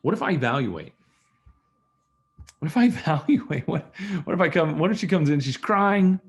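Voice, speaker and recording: A man's voice: on the high side, expressive, moderate pace. A man giving an online training on listening, talking conversationally and telling stories with acted-out dialogue, over a video call mic. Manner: conversational, storytelling, acts out dialogues. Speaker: communication skills trainer.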